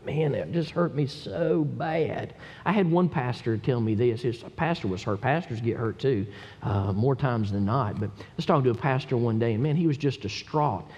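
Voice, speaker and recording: A man preaching a sermon as a pastor. He reads scripture and swings from low murmurs up to emphatic cries. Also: lively intonation, a little fast, a little mellow, husky. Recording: echoey hall, dull lo-fi sound.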